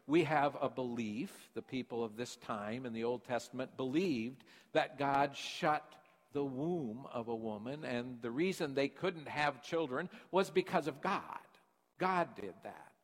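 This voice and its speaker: A man's voice: medium pitch, unhurried. An older man preaching a casual sermon as a pastor. He tells a story in a folksy way and asks the congregation questions. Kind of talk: conversational sermon. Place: church sanctuary. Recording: long church hall reverb.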